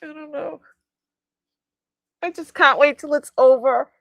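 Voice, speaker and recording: A creaky, high-sitting female voice, unhurried in pace, runs a live-sale stream full of casual storytelling, frequent laughter, and acted-out dialogue. The studio-quality recording has no echo.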